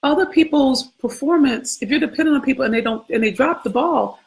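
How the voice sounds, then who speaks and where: A woman's voice: high-pitched, fairly quick, creaky. A woman hosting a casual scripture contemplation, talking conversationally with frequent questions, profanity and laughter. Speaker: host.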